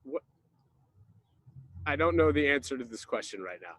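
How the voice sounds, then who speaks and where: A man's voice: medium pitch, expressive, moderate pace, a bit bright, no echo. A man playing Greg, a goofy drywall installer, rambling and confused through an improvised comic slideshow on a video call. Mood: puzzled. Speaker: presenter in a slideshow game.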